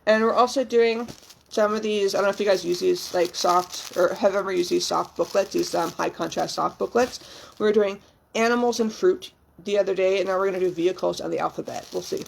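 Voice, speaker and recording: A woman's voice: medium pitch, steady tone, fairly quick, creaky, slight background noise. A young woman vlogging as a new mother, talking candidly and emotionally, rambling with frequent ums and casual swearing. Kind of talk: casual, candid vlog chat.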